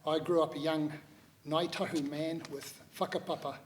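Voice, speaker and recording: Reflective New Zealand man, slightly high. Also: steady tone, slight background noise. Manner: measured, reflective, with many pauses and hesitations. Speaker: speaker at a public talk. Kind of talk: personal talk to an audience.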